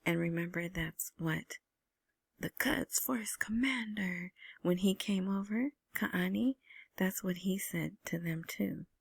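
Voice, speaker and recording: A woman hosting her own vlog, giving casual screen-share commentary on news in a soft, half-whispered way, with many ums and restarts. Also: fairly low pitch, slow pace, creaky, breathy edge, no room sound. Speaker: vlogger commenting on Iraqi news and currency.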